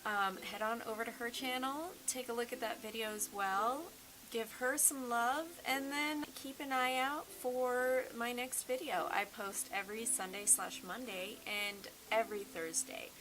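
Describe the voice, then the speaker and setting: A woman's voice: a little high, fairly even intonation, unhurried, a bit bright, slight background noise, poor audio. A woman beauty vlogger chatting casually and cheerfully about a makeup look she just finished, recorded in her sunroom at home. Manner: bubbly, chatty, upbeat. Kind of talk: casual makeup tutorial chat.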